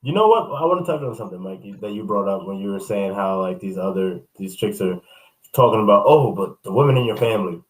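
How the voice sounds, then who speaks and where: A man co-hosting a podcast in casual chat, teasing and quick to laugh. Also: on the low side, expressive. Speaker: podcast co-host. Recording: roomy echoey mic.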